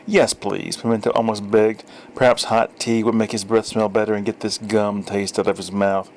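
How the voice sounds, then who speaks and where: A man's voice: on the low side, level tone, moderate pace, a little mellow, a little hiss or hum. Wry man reading a story. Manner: wry, dry storytelling with small self-corrections. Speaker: story reader. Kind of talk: audiobook narration.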